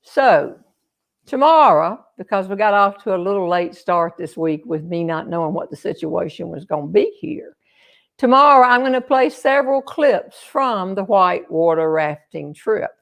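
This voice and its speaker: Older woman, comic storyteller, animated delivery, acts out the other voices. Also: medium pitch, normal speed, vocal fry. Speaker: humorist storyteller.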